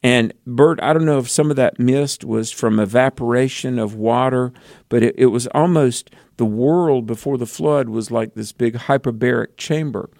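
A man's voice: medium pitch, moderate pace, gravelly, a little mellow, no echo, clean studio sound. Earnest male radio Bible teacher. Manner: earnest, explanatory, with frequent fillers. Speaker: radio show co-host. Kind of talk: Christian call-in radio talk.

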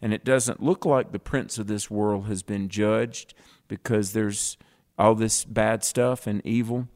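A man's voice: fairly low pitch, fairly even intonation, unhurried, a little mellow. A man co-hosting a Bible teaching show, reading scripture aloud and explaining it with emphatic contrasts.

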